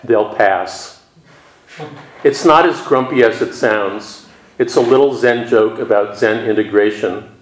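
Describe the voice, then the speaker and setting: Calm, reflective man in an echoey room. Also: medium pitch, moderate pace. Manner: calm, reflective, gently wry. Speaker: Zen teacher. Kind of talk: dharma talk at a retreat.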